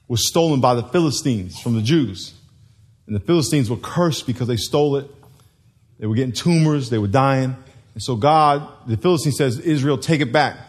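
A man's voice: mid-range voice, darkish tone. A man preaching a sermon to a congregation, telling stories, acting out voices and laughing. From United States.

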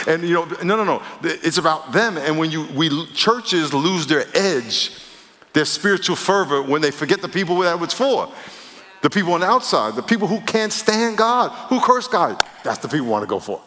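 Preaching pastor in a reverberant hall. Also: male voice, on the high side. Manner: lively preaching, quick shifts between loud emphasis and quiet asides. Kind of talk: sermon. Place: church sanctuary.

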